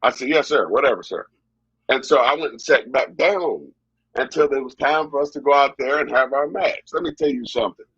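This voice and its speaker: A middle-aged man, a wrestling guest, telling long animated stories in an interview and often repeating himself. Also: mid-range voice, brisk, husky, no room sound, highs cut off. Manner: animated, repetitive storyteller. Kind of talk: storytelling interview.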